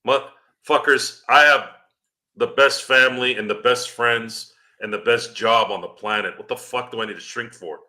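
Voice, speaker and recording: Guy on a podcast going off, super bright cutting voice, swearing nonstop, low grumbles then loud blowups. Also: normal speed. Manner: angry, profane, swings from low growl to loud outbursts. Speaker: podcast host. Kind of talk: profane ranting commentary.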